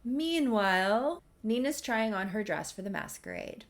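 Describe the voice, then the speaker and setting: A woman's voice: mid-range voice, big pitch swings, unhurried. A woman casually recapping a soap story as a video creator, chatty and wry. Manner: chatty, wry, lots of fillers.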